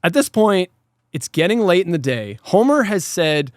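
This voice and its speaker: Animated, profane podcast co-host. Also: male voice, high voice, normal speed, dry recording, studio quality. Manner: animated retelling with frequent swearing and laughs. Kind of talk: casual unscripted podcast chat.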